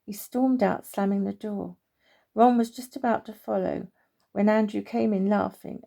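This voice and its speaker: Lady reading a kids story, gravelly and gentle, warm mellow tone. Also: medium pitch, steady tone, moderate pace. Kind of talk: reading a children's story aloud.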